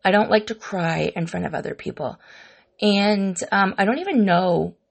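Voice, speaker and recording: Hosting a wellness podcast, a middle-aged woman confides in her audience in a casual, reflective monologue. Her medium-pitched voice is creaky and slightly rough at normal speed, and her warm, candid talk includes repetitions.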